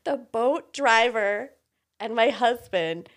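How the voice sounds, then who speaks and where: Middle-aged woman, high and very lively pitch, animated storyteller who laughs a lot; casual chat. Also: slow pace.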